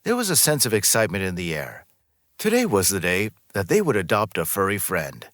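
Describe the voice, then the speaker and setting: A man with a low voice narrates a scripted story, his pitch rising and falling in a lively way. The reading is smooth and even, close to the mic, with a dry sound and no room echo. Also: brisk.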